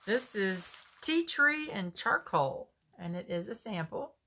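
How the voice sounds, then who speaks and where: A woman's voice: medium pitch, animated, pushed and bright. A woman, chatting casually as she unboxes homemade soap and muses aloud. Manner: slow, chatty, musing aloud.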